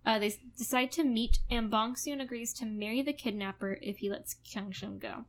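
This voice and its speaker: A woman's voice: a little high, moderate pace. Chatty woman recapping a drama. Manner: chatty, laughs often, sprinkles in "like". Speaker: podcast co-host recapping a drama episode. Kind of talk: casual chat.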